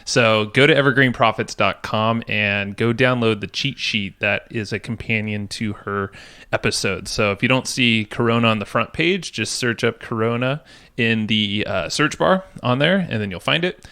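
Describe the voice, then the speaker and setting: Smooth-voiced man hosting a podcast. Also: fairly low pitch, normal speed. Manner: relaxed, laughs often, chatty. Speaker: podcast co-host. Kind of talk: casual podcast chat.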